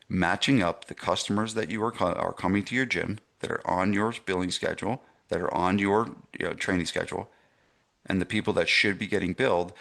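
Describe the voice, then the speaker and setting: A middle-aged man with a fairly low voice leads a live online masterclass for gym owners. He talks emphatically, repeats his key points and keeps checking that listeners follow. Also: creaky, fairly bright tone. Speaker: gym business coach.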